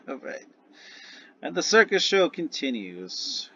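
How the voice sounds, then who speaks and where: A man's voice: on the high side, big pitch swings, slow, bright, forceful tone, highs cut off. A man narrating a tabletop game as game master, rambling and correcting himself as he goes.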